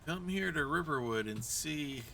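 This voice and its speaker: A man's voice: fairly high pitch, expressive, moderate pace, creaky, pushed and bright, slight background noise. A man from Kentucky giving chatty let's-play commentary, role-playing his way through a fantasy game and chatting with viewers and characters. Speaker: gamer role-playing as himself.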